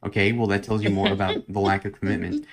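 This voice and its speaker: A man's voice: on the low side, level tone, quick pace. A man giving blunt, lecturing, dismissive commentary on a stream.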